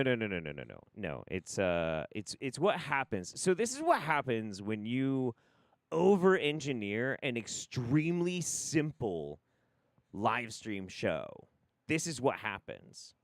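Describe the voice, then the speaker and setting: A man's voice: mid-range voice, no echo, clean studio sound. A man hosting a live stream, talking casually in a profane, exasperated, rambling way.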